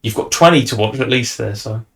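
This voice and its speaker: A man's voice: mid-range voice, brisk, gravelly, a bit bright. A young man hosting a podcast, chatting casually and rambling with fillers and restarts. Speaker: podcast host. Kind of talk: casual chat.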